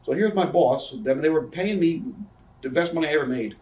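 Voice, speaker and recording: A man's voice: on the high side, expressive, a little mellow, distant mic. A man in his thirties, an interview guest telling profane stories and acting out what others said. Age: 30s. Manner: profane, rapid storytelling that acts out quoted people. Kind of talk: casual storytelling in a shoot interview. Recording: roomy echo, speaker off-mic.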